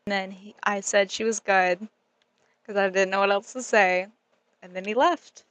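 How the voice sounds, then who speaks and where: A young woman vlogger telling a story in a casual, animated way, giggling often and saying "like" a lot. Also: mid-range voice, normal speed, smooth, no echo. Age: young adult.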